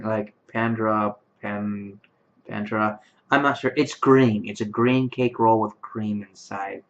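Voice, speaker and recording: A late-twenties man with a fairly low, slightly bright voice vlogs from his bedroom late at night, visibly tired. He rambles to camera in casual talk, full of fillers and restarts. The webcam microphone gives a dull, lo-fi sound.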